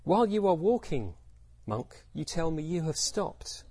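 A man's voice: a little high, sing-song, unhurried, dark tone, breathy edge, dry recording, heavily acted. A man voicing a murderous male bandit who calls out in a raised, insistent voice. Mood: demanding.

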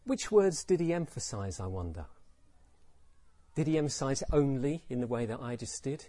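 A man's voice: medium pitch, animated, moderate pace, dark tone, dry recording. A man giving a reflective dharma talk as teacher, repeating phrases and asking rhetorical questions.

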